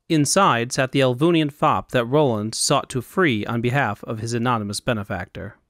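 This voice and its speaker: A man reading scripted fantasy narration in a measured, even storytelling manner. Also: mid-range voice, no echo, studio quality. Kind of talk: audiobook narration.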